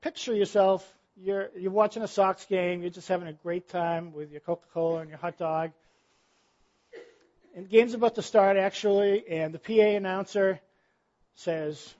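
Guy pastor preaching, high voice, chatty and asks the room lots of questions, kinda muffled lo-fi sound. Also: fairly even intonation, moderate pace, darkish tone. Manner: conversational preaching, rhetorical questions. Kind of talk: sermon.

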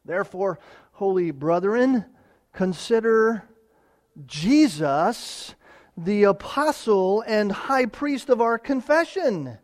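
A man preaching a sermon, swinging from loud emphatic declarations to quiet, quick asides while reading scripture. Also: sits high. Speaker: pastor.

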